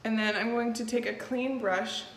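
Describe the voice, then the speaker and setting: A makeup tutorial host with a fairly high voice and fairly even intonation talks through a step-by-step tutorial at a moderate pace. She is chatty and easygoing, using frequent fillers. The room is echoey, with faint noise.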